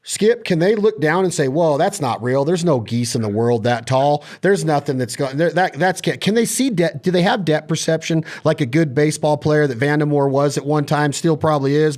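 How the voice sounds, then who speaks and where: Man, podcast host, enthusiastic, halting questions, fairly high voice. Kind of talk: casual chat.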